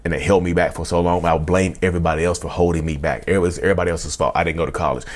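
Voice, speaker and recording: A man in his thirties telling his own story straight to viewers, who keeps saying "y'all" and "you know" and acts out his old outbursts in a loud, raised voice. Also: very fast. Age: 30s. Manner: animated, acts out past outbursts in a loud high voice. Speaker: vlogger. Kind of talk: confessional storytelling.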